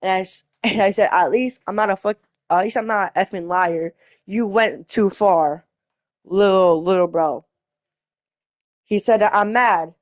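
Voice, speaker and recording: A woman's voice: medium pitch, measured pace, dry recording, clean studio sound. A woman vlogging a casual storytelling rant, rambling, restarting herself and swearing as she retells an argument from a chat.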